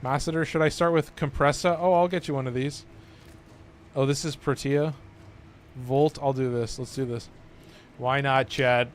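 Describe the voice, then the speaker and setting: At a moderate pace with long pauses and fairly even intonation, this Californian man chats casually on stream while playing a game, joking around and cursing a lot. His medium-pitched voice comes with a little hiss or hum.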